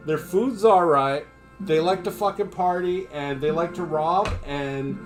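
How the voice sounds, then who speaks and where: A man from the United States ranting his opinions in casual live-stream chat, swearing freely. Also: a little high.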